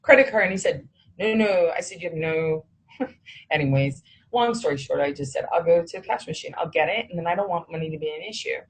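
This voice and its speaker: Woman, low husky voice, animated storyteller who plays out both sides of a conversation. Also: fairly quick, poor audio. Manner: animated, quotes others in dialogue, swears when heated. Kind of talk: recounting a personal story.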